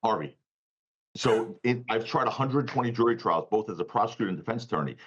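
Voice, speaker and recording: A man's voice: lowish voice, expressive, fast talker, highs cut off, slight background noise. A male defense attorney, a guest on a talk show, telling a story emphatically and laughing now and then, over a remote call. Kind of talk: animated storytelling interview.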